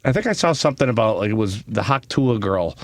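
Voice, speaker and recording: A man's voice: lowish voice, animated, fast talker. A middle-aged man co-hosting a podcast, riffing in casual comedic chat and laughing often. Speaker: podcast co-host.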